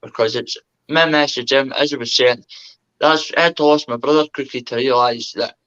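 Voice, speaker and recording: A man's voice: mid-range voice, fairly even intonation, normal speed, a bit bright, smooth, dull audio. A man talking earnestly and at length as a guest, peppering his speech with "mate". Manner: earnest, rambling, says "mate" constantly. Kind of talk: casual chat.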